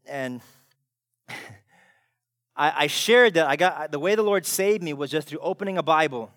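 A male pastor preaching a sermon in a casual, intense way, using slang and building to shouts. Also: a little high, a little slow, no room sound, clean studio sound.

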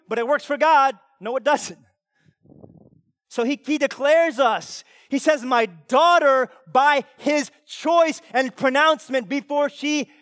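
A pastor preaching a sermon with emphatic delivery that swings from loud to hushed. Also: male voice, extremely high pitch, no room sound, studio quality.

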